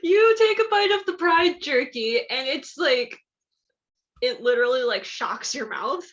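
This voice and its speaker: A woman's voice: high voice, expressive, unhurried, fairly bright tone, highs cut off. A woman narrating as game master of a tabletop game in a casual, giggly way, full of fillers.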